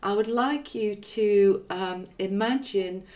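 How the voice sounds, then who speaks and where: A woman's voice: medium pitch, takes it slowly, a little mellow. A chatty woman hosts a live stream in a mid-range voice. She reads viewer comments aloud, laughs easily and shifts into earnest, encouraging teaching. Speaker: live-stream host and spiritual reader.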